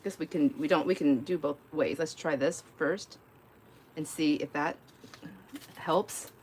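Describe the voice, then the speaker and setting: A woman's voice: deep voice, measured pace, a little mellow, slight background noise. A middle-aged woman hosting a live crafting stream from home, chatting casually and telling a rambling story full of fillers and giggles. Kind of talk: casual chat while crafting.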